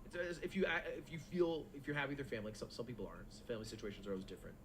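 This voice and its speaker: A young man telling a long, animated story in casual, profane chat as a stream co-host. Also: medium pitch, racing, faint music behind. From United States.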